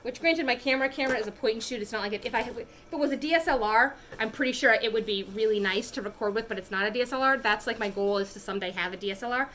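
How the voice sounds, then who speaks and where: A woman's voice: a little high, animated, quick pace, fairly bright tone. A young woman chatting casually to a phone camera at home as she does her makeup, rambling, with lots of fillers. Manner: coos in baby talk to her pet. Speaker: beauty vlogger. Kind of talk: casual chat while doing makeup. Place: home room.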